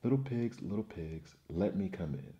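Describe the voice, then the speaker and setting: A man voicing the hungry big bad wolf with a low growl, as whispered role-play. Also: animated, warm tone, dull audio. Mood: menacing. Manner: growling, drawn-out.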